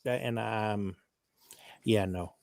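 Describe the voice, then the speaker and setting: A man in his sixties, a guest in a casual live chat, telling stories in a rambling way and clearing his throat often. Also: lowish voice, fairly even intonation, takes it slowly, darkish tone, no room sound. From Texas. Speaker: guest on a livestream.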